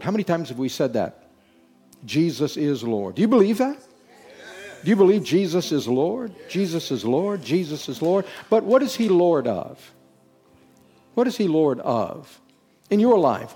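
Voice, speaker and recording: Emphatic preacher, a man with a mellow voice. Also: a little high. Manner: emphatic, repeats phrases, rhetorical questions. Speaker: pastor. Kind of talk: sermon.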